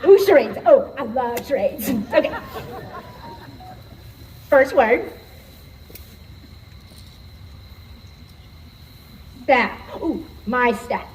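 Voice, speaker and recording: A high-voiced, scheming sorceress vizier who drags out her gloating words slowly, as a woman plays her on stage. She is theatrical and power-hungry, savoring every line of her live stage show villainy. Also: lively intonation, a faint crowd, a little hiss or hum, poor audio. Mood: playful. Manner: gloating and theatrical, turning frantic.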